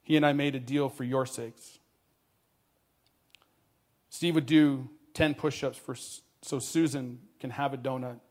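A man voicing a solemn, gentle male college professor who talks softly and gravely, slowing down on key words. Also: medium pitch, fairly even intonation, close to an everyday voice. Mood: earnest.

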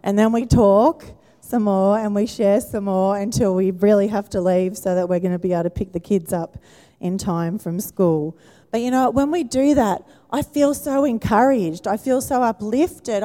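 Woman pastor, chatty sermon voice, mellow tone, long church-hall reverb. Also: medium pitch. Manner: warm conversational preaching with questions to the congregation. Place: church auditorium.

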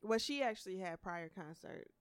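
A woman co-hosting a casual podcast, joking and chatting in a lively, profane way. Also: medium pitch, normal speed, clean tone, no echo. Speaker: podcast co-host. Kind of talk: casual chat, presenting a segment.

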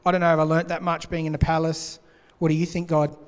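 A preacher voicing Moses, fretful and doubting. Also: male voice, fairly high pitch, completely flat delivery, fast, clear, resonant tone, natural voice. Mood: unsure. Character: hesitant, doubting male shepherd seeking reassurance. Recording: long hall reverb.

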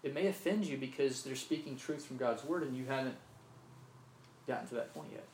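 Earnest preacher in an echoey room. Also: male voice, medium pitch, a little fast, darkish tone, a little hiss or hum. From Mississippi. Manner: earnest, repeats words, asks "right?" often. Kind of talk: sermon. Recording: roomy echo, faint ambience.

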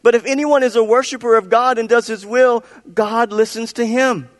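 A man's voice: fairly high pitch, normal speed, close to an everyday voice. A man voicing a man born blind who is newly healed, speaking up with a raised, emphatic, incredulous voice. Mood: preaching. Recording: long hall reverb.

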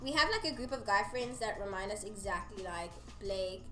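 A woman's voice: mid-range voice, animated, moderate pace, roomy sound, over music. A woman co-hosting a podcast in casual chat, playful and laughing easily. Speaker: podcast co-host.

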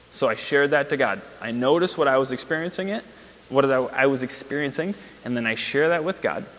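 Animated man teaching in a reverberant hall. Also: medium pitch. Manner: candid, animated storytelling with laughs and quoted asides. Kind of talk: parish teaching talk. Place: church or parish hall.

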